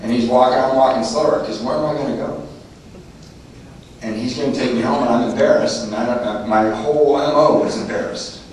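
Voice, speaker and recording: A man with a Southern Californian accent sharing his recovery story at a meeting, self-mocking and animated, acting out the voices in his story. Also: mid-range voice, fairly quick. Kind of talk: personal recovery talk. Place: meeting room. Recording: distant mic in a roomy, noisy hall.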